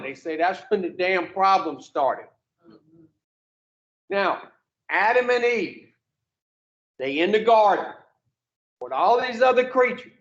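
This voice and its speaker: Slow high-voiced man teaching a group. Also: fairly bright tone. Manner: folksy storyteller, mild swearing, calls on listeners. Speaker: addiction recovery group leader. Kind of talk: casual teaching to a recovery group. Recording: echoey room, dull lo-fi sound.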